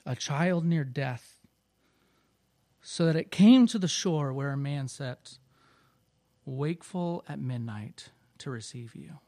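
Aslan, a hushed deep lion, read by a man. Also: lively intonation, slow pace, pauses often, dry recording, studio quality. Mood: calm, gentle. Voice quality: soft, low and hushed. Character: vast deep-voiced male lion, calm and gentle. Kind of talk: reading aloud from a storybook.

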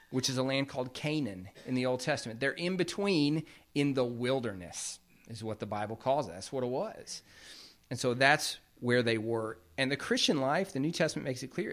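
A man's voice: mid-range voice, fairly bright tone. Man preaching a conversational sermon. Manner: conversational, explains scripture plainly. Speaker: pastor.

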